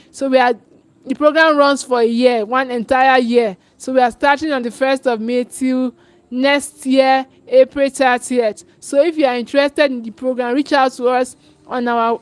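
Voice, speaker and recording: A woman parenting coach making an urgent live webinar pitch, her voice set high. She repeats and restarts phrases as she presses her listeners to sign up. The sound is dry and close, with no room around it. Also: steady tone, a little slow, no room sound.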